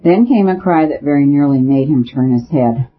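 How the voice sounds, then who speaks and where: A man reading an audiobook as narrator, with a steady, even storytelling delivery. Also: a little high, moderate pace. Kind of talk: scripted narration. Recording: tinny phone-like audio.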